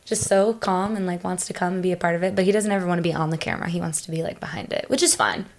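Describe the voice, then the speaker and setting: A woman's voice: fairly low pitch, fairly even intonation, rapid-fire. Chatty young woman, rambling and open. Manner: chatty, many fillers and restarts. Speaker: podcast guest. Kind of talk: casual conversational interview.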